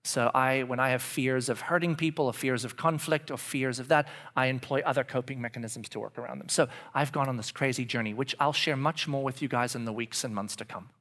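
A man's voice: mid-range voice, fairly quick, few pauses. Man in his forties preaching confessionally. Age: 40s. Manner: confessional, swings from hushed whispers to loud animated outbursts. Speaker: pastor. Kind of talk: sermon.

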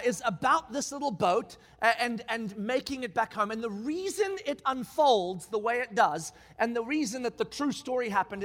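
A man preaching a sermon, telling a story with emphasis and acting out the lines of the people in it. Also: very high-pitched. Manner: animated, acts out quoted lines, emphatic. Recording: long reverb of a large hall.

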